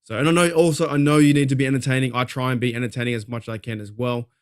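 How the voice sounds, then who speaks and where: An Australian man hosting a fan talk show at a mid-range pitch. He vents in a fired-up, rambling way and swears freely, circling back over his points. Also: flat delivery, rapid-fire, clean tone. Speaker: podcast host. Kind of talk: casual fan commentary.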